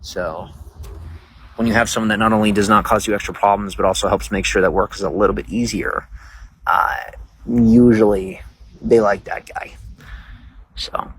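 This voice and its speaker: Low-voiced guy rambling on a night livestream outside, lots of likes and you knows, faint hiss behind. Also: steady tone, moderate pace, long pauses, fairly bright tone. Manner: rambling, talks to viewers, many fillers. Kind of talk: casual livestream chat. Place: outdoors at night, bugs around.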